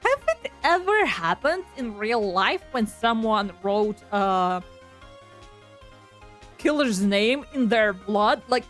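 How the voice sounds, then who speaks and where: A woman's voice: fairly high pitch, big pitch swings, slow, a bit bright, soft background music. Rambling young woman streamer. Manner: rambling, lots of "like" and self-talk. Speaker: VTuber streamer. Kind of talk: casual gameplay commentary.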